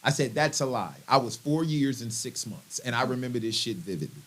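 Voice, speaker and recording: Lively male comedian telling a story. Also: mid-range voice, a little fast. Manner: animated, laughs often while telling stories. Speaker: comedian guest. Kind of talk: comic storytelling in conversation.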